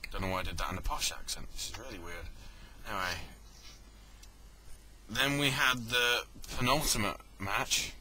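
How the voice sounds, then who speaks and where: A man's voice: lowish voice, moderate pace, pushed and bright, low-quality recording. A man giving a casual spoken review, rambling and correcting himself, with joking asides. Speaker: wrestling event reviewer.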